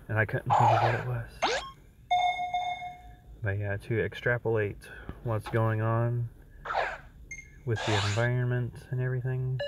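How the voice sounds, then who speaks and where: A tired man streaming from his phone while sitting in his parked car, chatting casually in a slow, rambling way. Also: fairly low pitch, heavy background noise. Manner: slow, sleepy and rambling, yawning between thoughts. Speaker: streamer playing a mobile game. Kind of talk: casual live-stream chat.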